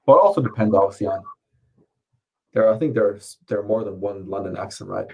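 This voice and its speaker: A man's voice: lowish voice, brisk, creaky, rough recording. A man chatting casually at home, rambling, swearing and laughing often. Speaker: streamer. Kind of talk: casual chat. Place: home, under curfew.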